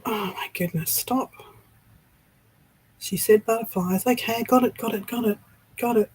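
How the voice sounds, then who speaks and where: An Australian woman hosting a casual livestream, excitable and breathless with frequent sighs. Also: a little high, a little slow, slightly rough, low-quality recording. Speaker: livestream host.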